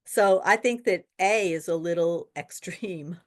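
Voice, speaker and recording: A woman tutoring for a real estate exam in a webinar, talking casually and telling lively stories with quoted dialogue. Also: on the low side, a little slow. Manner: chatty, animated storytelling with quoted dialogue. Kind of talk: webinar lesson with anecdotes.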